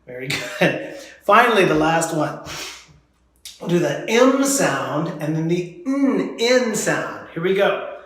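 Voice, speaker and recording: A man teaches a children's drama class, leading each warm-up at an unhurried pace and praising the students as they go. His voice sits a little high for a man. The recording rings with heavy echo from the room. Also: sing-song. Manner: encouraging, models each drill for students to repeat. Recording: very echoey room.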